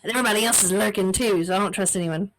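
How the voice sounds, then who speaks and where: A woman's voice: mid-range voice, rapid-fire, low-quality recording. A woman from the South, co-hosting a casual podcast chat, blunt and swearing freely. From American South. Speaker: podcast co-host. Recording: recorded too loud, faint noise.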